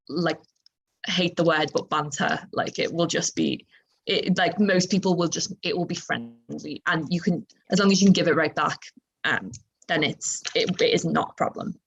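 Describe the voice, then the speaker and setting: A young woman student on a panel, speaking in a hesitant, halting way. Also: lowish voice, breathy edge. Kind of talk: casual panel discussion. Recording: muffled lo-fi audio.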